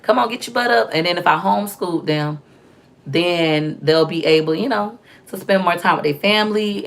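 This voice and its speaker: A young woman talking casually to her viewers, her low voice carrying a gravelly edge. She chats in an animated, storytelling way, full of slang and quick asides. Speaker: vlogger. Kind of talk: casual chat to camera.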